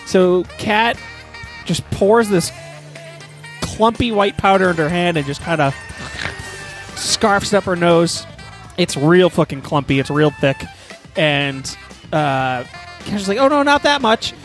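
A man's voice: sits high, slow pace, pauses often, faint music behind. A man improvising a crude, rambling comedy story as host, with heavy profanity.

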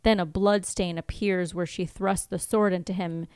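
Woman with a smooth, dry voice. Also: fairly low pitch, normal speed, no room sound. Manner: reads scene summaries aloud, animated asides. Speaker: podcast co-host. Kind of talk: casual chat recapping TV episodes.

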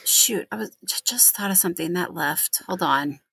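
A middle-aged woman with a Texas accent chats casually as a podcast co-host, laughing easily and losing her thread now and then. Her voice is bright and clear. The recording is dry and close. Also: lowish voice, normal speed, no echo. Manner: chatty, laughing, loses her train of thought.

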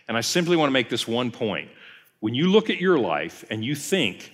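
A pastor delivers a conversational teaching sermon, like a Bible study session, narrating the story and acting out the quoted lines. His voice is medium-pitched, sing-song and slightly bright, at a normal speed. The recording carries a long hall reverb.

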